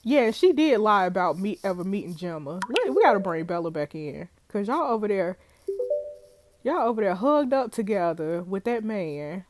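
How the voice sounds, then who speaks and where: A woman's voice: mid-range voice, sing-song, moderate pace, faint music behind. A woman playing an interactive story game, chatting animatedly with slangy asides while lying in bed with a headphone mic. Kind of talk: casual let's-play commentary.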